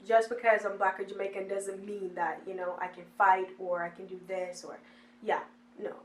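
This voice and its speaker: A woman's voice: mid-range voice, flat delivery, moderate pace. Young woman, chatty storyteller, echoey room, light hiss underneath. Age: young adult. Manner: chatty, acts out quoted people. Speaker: interviewee. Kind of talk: documentary interview.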